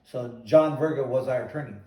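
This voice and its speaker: A man hosting a show and telling a long story in an animated, casual way, often repeating "he goes". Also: mid-range voice, a little fast. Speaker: host, former boxer. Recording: roomy echo, distant mic.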